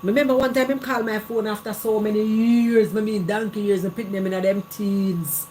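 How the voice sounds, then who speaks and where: A woman's voice: mid-range voice, fairly even intonation, moderate pace, warm tone, slight background noise. A middle-aged Jamaican woman hosting a live chat, telling her own story candidly in patois and repeating phrases. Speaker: live stream host.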